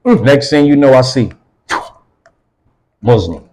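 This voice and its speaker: A man's voice: medium pitch, animated, takes it slowly, warm tone, slight background noise, rough recording. A middle-aged man, an interview guest, telling a rambling, profane story in casual talk. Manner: profane, rambling, acts out others' voices.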